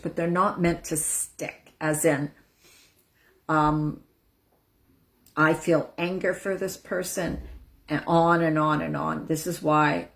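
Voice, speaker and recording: A woman coaching on a casual live stream, speaking soothingly and breaking into loud whooshing out-breaths as she demonstrates letting go. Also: sits low. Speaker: empowerment coach hosting a live session.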